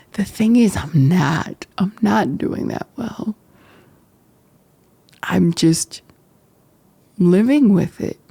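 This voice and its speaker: A woman talks openly to the camera as the host of her own podcast, emotional and reflective, sometimes halting. Her voice is mellow and gravelly, with a low rasp. The sound is dry and close, with no room echo. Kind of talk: candid personal talk to camera. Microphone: camera framing.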